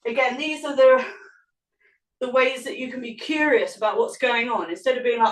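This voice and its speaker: A woman's voice: on the high side, moderate pace. A woman yoga teacher leading an online class, cueing poses and breaths and explaining as she moves, a little out of breath. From England. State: slightly out of breath. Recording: echoey room, mic at a distance.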